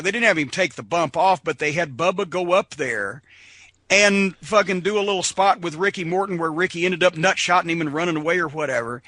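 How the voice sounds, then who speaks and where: A middle-aged man telling rowdy, profane stories as a podcast guest, animated and laughing often. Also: sits high, no echo. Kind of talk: casual storytelling.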